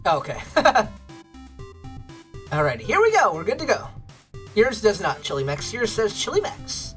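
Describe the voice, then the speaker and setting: A woman's voice: medium pitch, huge pitch swings, measured pace, faint music behind. A woman hosting a casual livestream, bubbly and gushing as she chats with viewers. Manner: bubbly, gushes over pets and thanks chat. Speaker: livestream host.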